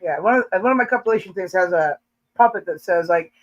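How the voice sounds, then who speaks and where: A woman's voice: on the low side, lively intonation, fast, lo-fi sound. A woman hosting a casual live chat, joking and teasing, laughing often between lines. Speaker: livestream host.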